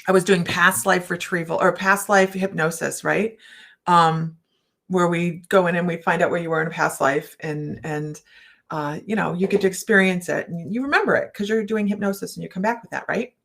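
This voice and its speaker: Woman host, chatty and rambling, quick to laugh, casual stream talk. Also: lowish voice, steady tone, creaky, a bit bright. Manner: rambling storyteller, laughs often. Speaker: psychic and certified hypnotist. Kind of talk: casual livestream chat.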